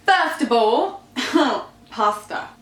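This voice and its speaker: A woman's voice: sits high, lively intonation, extremely slow, fairly bright tone, roomy sound, rough recording. A young woman vlogger chatting casually and candidly through a Q&A while eating, swearing freely and laughing easily. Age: young adult.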